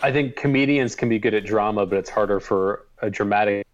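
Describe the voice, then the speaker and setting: A man's voice: lowish voice, a little fast. A man co-hosting a podcast, chatting casually in a tentative, musing way. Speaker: podcast co-host. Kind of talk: casual chat. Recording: dull lo-fi sound.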